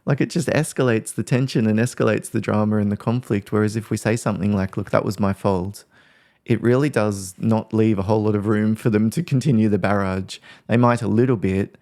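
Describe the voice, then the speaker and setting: A man with a fairly low voice talks through a lesson on workplace conflict in a casual, conversational way. He thinks aloud and slips into example phrases as he explains. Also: fairly even intonation, fairly quick, hardly any pauses, mellow. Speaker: workplace mediator and trainer.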